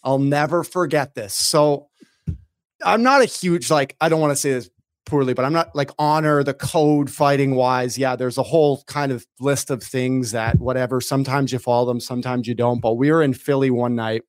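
A man in his thirties, a former pro hockey player and podcast guest, telling a story in a casual, animated way. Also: medium pitch, moderate pace, dry recording, clean studio sound. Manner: animated, acts out his own shouts in the story.

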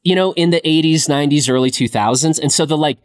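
A man co-hosting a podcast, leading a relaxed film chat and thinking aloud with fillers. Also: a little high, fast. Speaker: podcast co-host. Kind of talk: casual film discussion.

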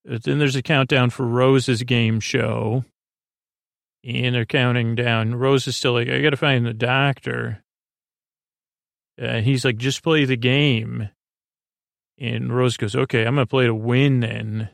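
A man's voice: medium pitch, fairly even intonation, slow, creaky, long pauses, fairly bright tone, dry recording, clean studio sound. A man hosting a podcast, rambling through a sleepy recap of a TV episode with many fillers and restarts. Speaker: podcast host.

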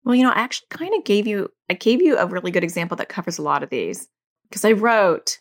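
A woman's voice: medium pitch, big pitch swings, fast talker. A middle-aged woman hosting a podcast, talking candidly and casually and acting out bits of dialogue with her kids. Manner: chatty, candid, acts out quoted dialogue with family. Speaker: podcast host and anxiety educator. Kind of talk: casual solo podcast talk.

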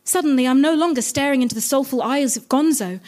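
A woman with a high voice performs a comic story for a live audience. She is theatrical and slips in and out of character voices as the tale goes on. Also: fast talker, darkish tone.

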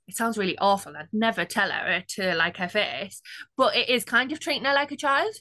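A woman's voice: medium pitch, expressive, brisk, pushed and bright, dry recording. A woman telling her own story as an interview guest, chatty and casual, with quoted asides.

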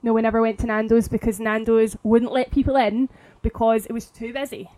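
Woman, 30s, slight lisp, high-ish voice, casual podcast chat. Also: level tone, fairly quick, mellow, low-quality recording. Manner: chatty storyteller, many restarts and laughs. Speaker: podcast co-host.

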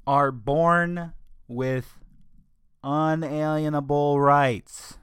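A man giving an opinion monologue, emphatic with sarcastic asides, slowing down to stress key words. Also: fairly high pitch, fairly bright tone, clear, resonant tone, dry recording, clean studio sound. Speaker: political commentator.

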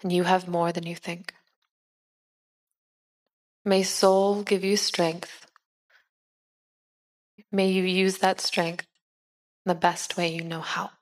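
A woman playing a gentle, slow-spoken preacher. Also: lowish voice, level tone. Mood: earnest. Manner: slow, earnest, soothing sermon delivery. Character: female preacher giving a sermon. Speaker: player voicing a preacher.

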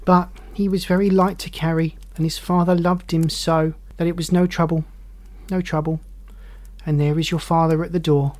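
A reader voicing a gentle mother who speaks softly and tenderly. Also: medium pitch, flat delivery, moderate pace, lightly acted. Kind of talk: audiobook character voice.

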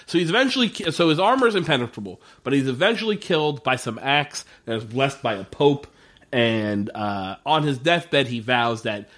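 A man's voice: on the high side, a bit bright. A man co-hosting a podcast, recapping a TV episode in casual chat, laughing often and swearing freely. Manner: laughing, profane, rambling. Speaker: podcast co-host.

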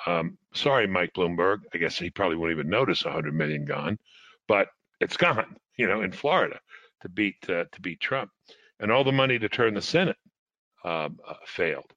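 A man speaking as a panelist in a political discussion, measured and hedging, with many pauses and fillers. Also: lowish voice, a bit bright, no room sound. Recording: dull, dry sound.

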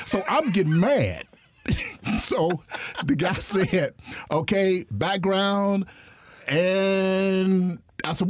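A man tells a story in an animated way, swinging his pitch widely as he acts out what others said. His voice sounds dry and close, with no room around it. He laughs often while he talks. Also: moderate pace, no room sound. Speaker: guest storyteller. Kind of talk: casual storytelling chat.

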